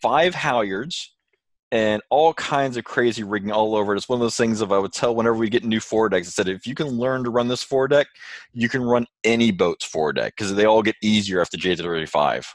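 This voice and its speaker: A man telling a story in casual chat with animated delivery, acting out quotes. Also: on the low side, a little fast, no echo. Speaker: co-host, sailor.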